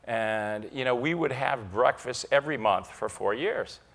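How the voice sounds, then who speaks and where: A middle-aged man from Ohio, an interview guest telling anecdotes in an animated way, repeating himself as he gathers his thoughts. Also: mid-range voice, a little slow, creaky. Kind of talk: anecdotal storytelling.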